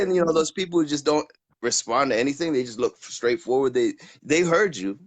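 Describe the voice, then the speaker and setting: A man's voice: mid-range voice, animated, a little fast. A man chatting as a guest, telling rambling stories, laughing a lot and acting out customers he has met. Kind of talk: casual chat.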